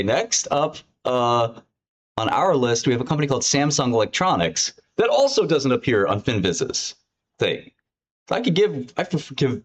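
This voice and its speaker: Brief: male host, excitable profane rants, very animated pitch, mid-range voice. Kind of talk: casual screen-share commentary.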